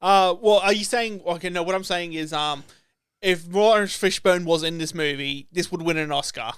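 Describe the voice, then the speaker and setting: A young man rambles through a casual podcast chat, swearing freely and laughing between thoughts. His voice sits high and comes through smooth and clear. The sound is dry and close. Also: normal speed, fairly bright tone, dry recording. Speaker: podcast co-host.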